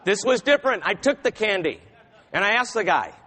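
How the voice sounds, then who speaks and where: A man giving a keynote speech, telling a story in a dramatic, animated way. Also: high voice, fairly quick, long reverb tail. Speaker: keynote speaker.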